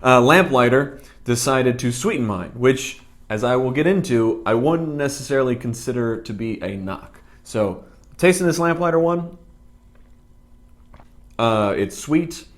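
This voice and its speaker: A man's voice: medium pitch, measured pace. A man reviewing cafe drinks and pastries in a casual vlog, with a dry, rambling sense of humor and plenty of asides, speaking. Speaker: food vlogger.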